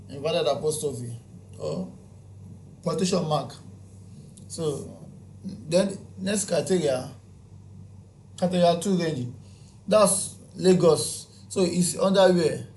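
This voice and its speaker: A man walks through a spreadsheet lesson at a slow, deliberate pace. His voice sits a little high for a man. He counts entries aloud and asks himself questions before he answers them. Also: a little mellow, slight background noise. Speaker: spreadsheet tutor. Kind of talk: screen-recorded software tutorial.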